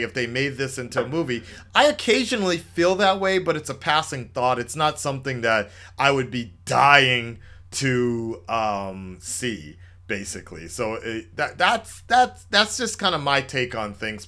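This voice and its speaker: This man hosts a loose call-in livestream, his medium-pitched voice sounding pushed and bright. His delivery is chatty and laid-back, packed with fillers and restarts.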